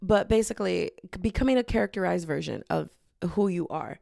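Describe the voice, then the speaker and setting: Rambling young woman podcaster, creaky voice. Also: fairly low pitch, a little fast, mellow, dry recording, clean studio sound. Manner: rambling, playful, breaks into off-key singing. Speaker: podcast host. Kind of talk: casual solo podcast chat. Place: bedroom with hardwood floor. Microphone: podcasting mic.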